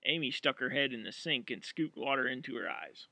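A man narrating an audiobook in an expressive, dramatic way. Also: medium pitch, a little fast, no echo.

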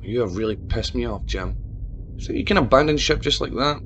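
A man voicing a cruel, sneering female crime boss who taunts in a low, mocking tone. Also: animated, a little fast, a bit bright, a little hiss or hum, lightly acted. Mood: taunting.

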